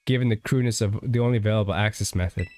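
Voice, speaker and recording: A man voicing a composed mother scientist, reading game dialogue in a flat, measured way. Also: on the low side, lightly acted. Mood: calm.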